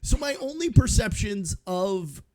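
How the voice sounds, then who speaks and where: Rambling higher-voiced man from the South. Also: big pitch swings, unhurried, a little mellow. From American South. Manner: rambling, lots of likes and ums, laughs easily. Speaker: podcast guest. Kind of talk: casual chat.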